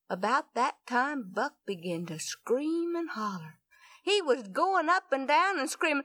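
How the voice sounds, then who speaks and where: A woman's voice: on the high side, big pitch swings, a little slow, pushed and bright, dry recording. A woman telling a folksy story in a chatty way, with many asides to her listeners.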